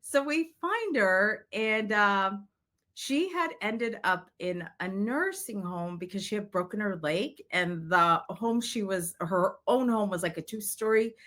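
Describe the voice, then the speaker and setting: A woman's voice: medium pitch, animated, unhurried, fairly bright tone. A middle-aged woman, a psychic medium, telling a story in an interview and acting out the quoted voices.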